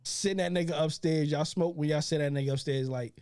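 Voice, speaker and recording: A man's voice: a little high, steady tone, fairly quick, darkish tone, clean tone, no echo, studio quality. A man co-hosting a casual podcast, telling stories with lots of swearing and imitating his friends' voices. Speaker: podcast co-host. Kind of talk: casual chat, storytelling.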